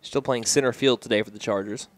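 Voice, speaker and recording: Steady small-town baseball radio announcer. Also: male voice, mid-range voice, quick pace, no echo. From United States. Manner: steady conversational calls, rising sharply on big plays. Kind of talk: baseball play-by-play commentary.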